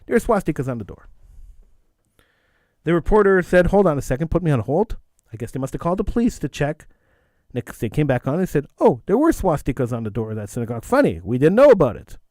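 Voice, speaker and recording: A male talk show host delivers a call-in radio monologue, telling a story bluntly and opinionatedly and repeating phrases for emphasis. His voice is on the high side with a darkish tone, big pitch swings and a fast pace, and there is no room sound.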